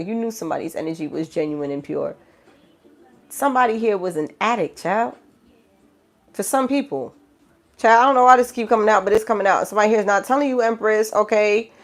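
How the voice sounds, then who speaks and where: A woman with a New York accent giving a live tarot reading, lively and slangy, swinging between loud exclamations and low hushed stretches. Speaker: tarot reader.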